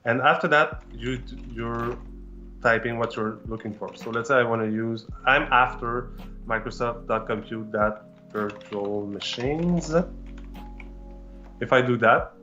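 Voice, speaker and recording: A man's voice: medium pitch, a little slow, pushed and bright, muffled recording, soft background music. A man whose first language is French, presenting a live technical demo with many fillers and restarts.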